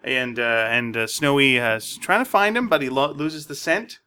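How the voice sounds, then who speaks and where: Bright-voiced man recapping a comic. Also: mid-range voice, moderate pace, clear, resonant tone. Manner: meandering with frequent uh fillers. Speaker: podcast co-host. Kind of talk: casual chat, recapping a comic.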